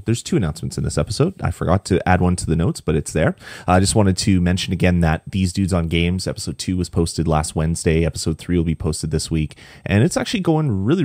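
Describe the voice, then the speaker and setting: Low-voiced chatty man hosting a podcast. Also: darkish tone, dry recording, studio quality. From Canada. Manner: chatty, rambling, laughs easily. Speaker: podcast host. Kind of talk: casual podcast chat.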